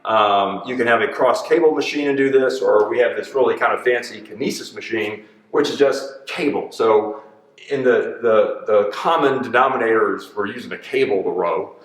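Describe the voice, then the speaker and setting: Chatty gym trainer, roomy far-off sound. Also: male voice, lowish voice, normal speed. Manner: upbeat, chatty coaching, counts reps aloud. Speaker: personal trainer. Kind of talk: coaching an exercise demonstration. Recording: echoey gym, voice from off-mic.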